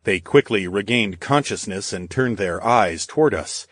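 A man reading a fantasy audiobook in first person, in a steady, measured narration. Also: fairly low pitch, no echo, clean studio sound. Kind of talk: scripted narration.

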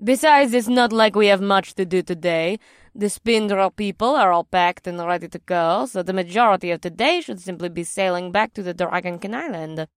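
A man voicing a smirking, wry young woman crew member in an audiobook, teasing in a measured way. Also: sits high, clear, resonant tone, dry recording, clean studio sound, voice pushed up, lightly acted.

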